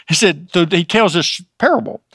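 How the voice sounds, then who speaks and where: A man's voice: sits high, unhurried, fairly bright tone, breathy edge, dry recording, clean studio sound. A man teaching from the Bible in an informal way. He adds his own asides as he retells scripture.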